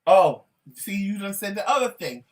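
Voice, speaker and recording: A man's voice: high voice, sing-song, moderate pace. A man from New York co-hosting a casual chat show, telling stories with laughs and quoted voices. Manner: laughing storyteller, quoting people. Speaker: co-host.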